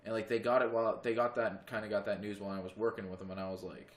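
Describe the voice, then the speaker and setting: A man's voice: on the low side, little pitch movement, racing, echoey room. A man co-hosting a podcast in casual chat, rambling with lots of "like" and plenty of swearing, recorded in a friend's home. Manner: rambling, heavy use of "like", swears freely. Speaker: podcast co-host.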